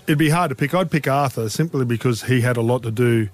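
A man talks footy on the radio with animated, storytelling energy. His voice sits in a plain middle register, and his tone rises when a story excites him. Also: medium pitch, fast talker. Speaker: rugby league pundit. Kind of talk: casual radio chat.

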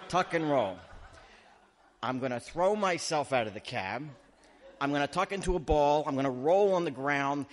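Animated man telling a stand-up story. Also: fairly high pitch. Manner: animated, self-mocking, acts out his panic. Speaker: comedian.

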